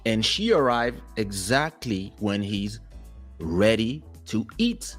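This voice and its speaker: A man hosting a casual talk show, telling stories in an animated way and acting out quotes, with a French-speaking background. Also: lowish voice, takes it slowly, faint music behind. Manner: animated storyteller, acts out quotes. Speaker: host.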